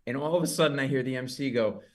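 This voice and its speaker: A middle-aged man spinning a comic anecdote in a conversation. He tells it briskly and jumps into loud, high-pitched voices whenever he quotes someone. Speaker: comedian guest. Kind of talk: storytelling in an interview.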